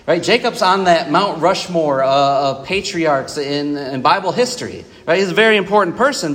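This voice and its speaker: Chatty preacher, higher voice, echoing church. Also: male voice, a bit bright. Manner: conversational, many fillers and asides to the congregation. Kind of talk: sermon. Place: church auditorium.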